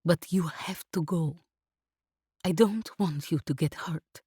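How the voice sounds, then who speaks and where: Narrator plays a tough protective mom, soft thick voice, low, dry audiobook sound. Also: female voice, animated, a little slow, slightly rough, no room sound, full character voice. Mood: tender. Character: hard protective mother, tender with her daughter.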